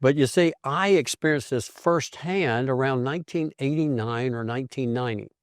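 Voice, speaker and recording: An older man, a physician, tells his own health story in a lively, conversational way. He drops into the voices of people he quotes, and his voice sits at a middle pitch. The sound is close and dry, with almost no room around it. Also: moderate pace, no echo. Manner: animated storyteller who acts out quoted voices. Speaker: physician host.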